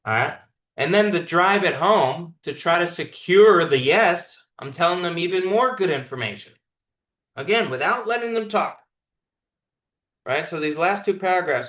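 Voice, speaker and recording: A sales manager, a man with a bright, pushing voice, walks his callers through a phone pitch and drives his points home by repeating them. His call audio sounds roomy and a bit dull, as if picked up from across a room. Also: lively intonation, normal speed. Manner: direct, coaching, repeats points for emphasis. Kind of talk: coaching a sales team on a video call. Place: online team meeting.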